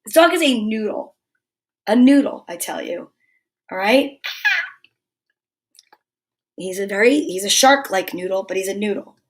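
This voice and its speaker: A woman's voice: mid-range voice, animated, measured pace, pauses often. An older woman hosting a casual live stream at home, chatting with viewers and cooing over the dog on her lap. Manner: chatty, affectionate, baby-talks to her dog.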